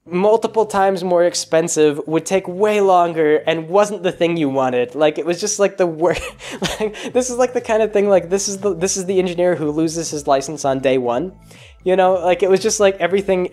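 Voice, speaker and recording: Rambling man with a fairly high voice. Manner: rambling, full of restarts and fillers; grows animated and higher when amused. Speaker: podcast host. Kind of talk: casual monologue.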